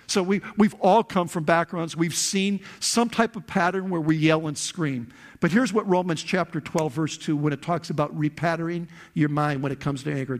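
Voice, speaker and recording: Middle-aged male pastor, slightly high voice, preaching in a church hall; drops soft and slow, then surges loud. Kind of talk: sermon. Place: church hall before a congregation.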